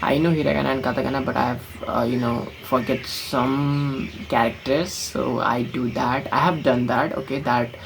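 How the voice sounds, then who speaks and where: A young man from Nepal vlogs casually to the camera, talking at normal speed with few pauses in a medium-pitched, fairly even voice with vocal fry. He speaks English with an American-flavored accent learned from films, rambling bluntly and leaning on fillers. Background noise is audible.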